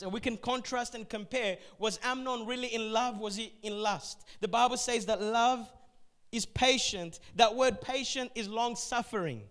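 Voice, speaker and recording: A man, a pastor, preaching a sermon and telling stories, moving between hushed passages and forceful, emphatic ones, repeating words for weight. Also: high-pitched.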